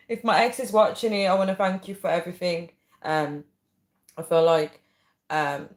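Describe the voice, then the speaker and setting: A woman's voice: deep voice, roomy sound. A woman hosting a casual livestream, rambling chattily with frequent ums as she reads viewer comments. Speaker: livestream host. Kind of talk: casual live chat, reading viewer comments.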